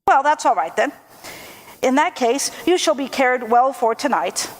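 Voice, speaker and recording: A woman voicing grumpy male giants who shout threats and then turn friendly, in a told folk tale. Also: high voice, lively intonation, measured pace. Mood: blustering.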